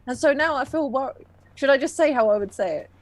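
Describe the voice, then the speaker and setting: A woman's voice: sits high, animated, quick pace, no echo. A woman joining a live online English lesson as a guest, chatty, hesitant and teasing. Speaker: guest learner on a live stream. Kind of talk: casual chat.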